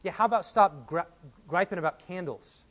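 A fairly high-pitched man from Texas, in his thirties, delivers a sermon as a pastor. He tells a personal story in an easy conversational way, then rises to urgent, emphatic points. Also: animated, normal speed.

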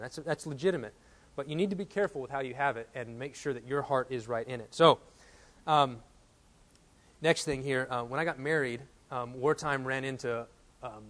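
A fairly high-pitched man from Texas, in his thirties, delivers a sermon as a pastor. He tells a personal story in an easy conversational way, then rises to urgent, emphatic points. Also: a bit bright.

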